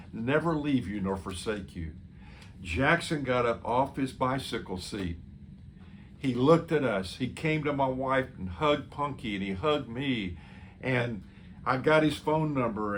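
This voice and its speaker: Here a pastor with a mid-pitched voice earnestly relates an anecdote in his sermon, quoting his own remarks to someone else. A faint hiss or hum runs underneath.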